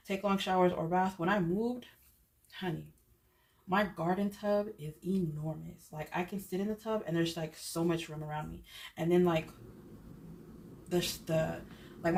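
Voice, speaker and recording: Chatty low-voiced woman in her thirties. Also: creaky, darkish tone. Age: 30s. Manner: chatty, rambling, self-correcting. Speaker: budget vlogger. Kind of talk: casual chat.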